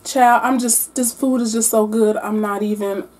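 Animated woman eating and chatting. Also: fairly high pitch, normal speed. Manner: animated, exclamatory, talking while eating. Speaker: book vlogger. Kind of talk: mukbang-style book wrap-up.

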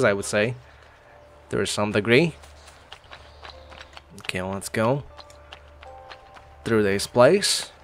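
Man playing a game, casual commentary, slow easygoing pace, laughs a lot, mid pitch. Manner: chatty, laughs often, thinks aloud. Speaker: gaming channel host. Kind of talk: casual let's-play commentary.

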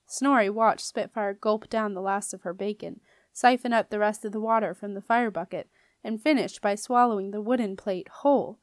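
A woman narrating a children's fantasy novel as an audiobook reader, in clear, steady storytelling. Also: medium pitch, normal speed, no room sound, clean studio sound.

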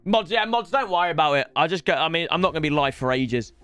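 A young man streaming and commentating live as he opens game packs, excitable and breaking into shouted celebrations. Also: on the high side, quick pace, clear, resonant tone, no echo.

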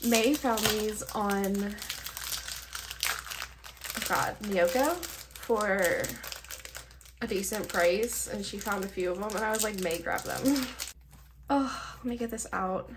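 A young woman vlogger with a nasal, medium-pitched voice unboxes her mail, gushing and cursing freely in casual chat while sounding short on sleep. She speaks slowly and pauses often, with background noise present.

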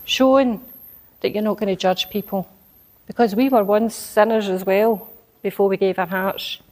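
A woman's voice: medium pitch, steady tone, moderate pace, a little mellow. A woman preaching a sermon, telling a personal story and building into emphatic exhortation.

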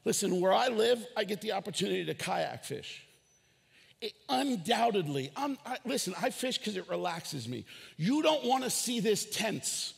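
Male pastor, high husky voice, swooping sermon delivery, long reverb of a church hall. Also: moderate pace. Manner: animated preaching with shouted peaks and acted dialogue.

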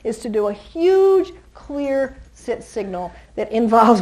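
Lively woman dog trainer teaching a class. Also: a little high, slow pace, hardly any pauses, a little hiss or hum, low-quality recording. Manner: animated, chatty, laughs easily, coos at dogs. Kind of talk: live teaching talk to an audience.

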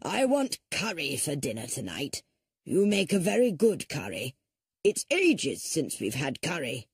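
Woman doing a gruff, bossy old man. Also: low-pitched, huge pitch swings, unhurried, dry recording, clean studio sound, voice pushed down, full character voice. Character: crotchety, demanding old man of the house.

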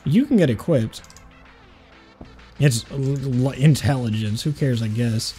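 Faint music plays behind a gaming channel host whose voice is warm and medium-pitched, his pace measured. He gives rambling, jokey commentary as he plays, repeatedly breaking off with "hold on."

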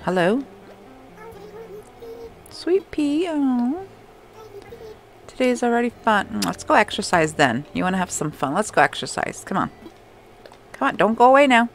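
A woman's voice: mid-range voice, expressive, a little fast. A young adult woman casually commenting on her gameplay, chatting to game characters and laughing often. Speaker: gameplay streamer. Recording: faint background music.

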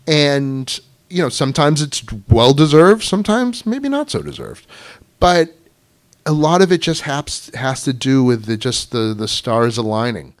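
A man's voice: mid-range voice, expressive, a little slow. Chatty man telling stories to a club. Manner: chatty, anecdotal, many "you know" fillers. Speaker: guest speaker at a writers club. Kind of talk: casual storytelling talk to an audience. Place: club meeting room.

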